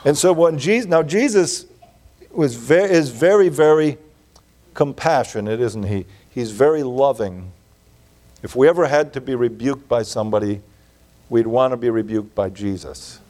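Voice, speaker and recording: A man preaching an earnest evening sermon, slowing down to stress key phrases. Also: mid-range voice, mellow. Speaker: pastor.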